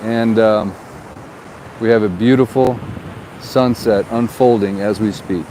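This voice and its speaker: A man's voice: fairly low pitch, moderate pace, dark tone, poor audio. A man, a real estate agent, talking in a chatty, rambling way while vlogging outdoors by the ocean on a handheld camera. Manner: rambling, chatty, repeats words. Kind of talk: casual vlog. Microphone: handheld camera on a gimbal. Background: ocean waves and wind.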